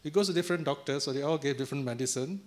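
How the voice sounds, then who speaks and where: A man's voice: a little high, racing, a little mellow. A man giving a dharma talk as a Buddhist teacher, telling a story in a chatty way with chuckles and tag questions to the audience.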